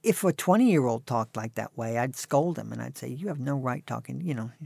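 A man's voice: medium pitch, animated, a little fast, creaky, darkish tone, no echo. A man in his sixties, an author telling dry, self-mocking stories as a guest in an interview. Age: 60s. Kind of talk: conversational storytelling.

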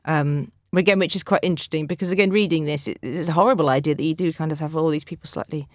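A woman working as a books editor, speaking as a guest critic in a radio review discussion with animated, chatty enthusiasm. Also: low voice, fast, dry recording, clean studio sound.

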